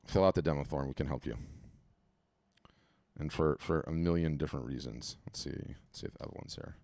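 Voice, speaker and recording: A low-voiced man hosts a live webinar over a video call from home, his mic close and dry. He talks in an animated, chatty flow, often repeating himself and restarting sentences as he gives his feedback on the fly. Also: a little fast, vocal fry, no room sound. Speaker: webinar host auditing artist profiles. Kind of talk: casual live webinar commentary.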